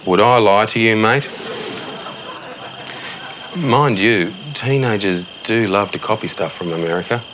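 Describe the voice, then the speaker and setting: A man's voice: lowish voice, unhurried, long pauses, noisy background, lightly acted. An actor with an Australian accent playing a tactless middle-aged suburban dad who tucks his son into bed, chatting in a breezy, chummy way and calling him mate. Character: blithely tactless suburban dad, cheerful and careless. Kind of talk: TV sketch comedy acting. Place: child's bedroom at night, a TV set.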